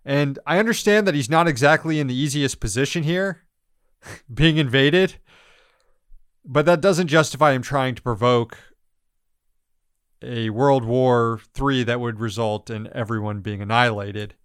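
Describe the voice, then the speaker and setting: A male podcast host runs through news items with blunt, sarcastic commentary, laughing often and swearing freely. His smooth, clear voice is medium-pitched and a little slow. The sound is dry and close, with no echo.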